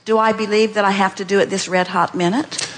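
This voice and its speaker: A woman speaks from a seminar stage, coaching an audience member. Her delivery is emphatic and repetitive, often quoting the listener back to them. Her mid-pitched voice rings with long reverb in a large hall, heard on an archived recording. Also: fairly even intonation, a little fast, slight background noise. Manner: emphatic, repeats phrases, quotes the listener back.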